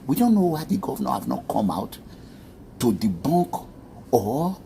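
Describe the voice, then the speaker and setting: A man's voice: medium pitch, sing-song, measured pace, gravelly, warm tone, a little hiss or hum. A man with a Nigerian accent narrating a commentary vlog, chatty and addressing viewers directly.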